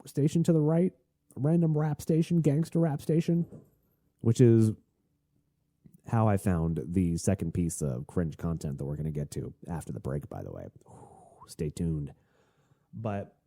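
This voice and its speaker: A man hosting a solo podcast, talking in a rambling, chatty and excitable way. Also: on the low side, moderate pace, dry recording, studio quality. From Tennessee. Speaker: podcast host.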